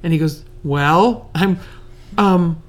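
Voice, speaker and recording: Low-pitched woman, casual personal storyteller, self-mocking, quick to laugh, acts out quotes. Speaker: storyteller recalling her courtship.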